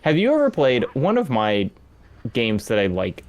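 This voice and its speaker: A man's voice: mid-range voice, huge pitch swings, normal speed. A man casually chatting about video games as a guest, thinking aloud with many restarts. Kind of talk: casual gameplay commentary.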